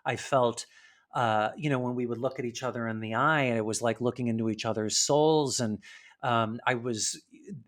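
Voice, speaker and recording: Earnest man speaking gently. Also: mid-range voice, normal speed. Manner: earnest, gentle, many fillers and restarts. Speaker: animal communicator guest. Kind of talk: casual conversation.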